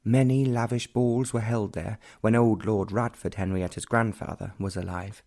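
A man reading a period novel aloud as an audiobook narrator, in measured, deliberate storytelling. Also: on the low side, steady tone, darkish tone. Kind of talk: scripted narration.

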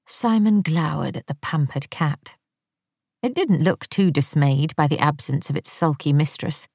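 A woman narrating an audiobook in a measured, wry storytelling manner. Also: low-pitched, darkish tone, dry recording, clean studio sound.

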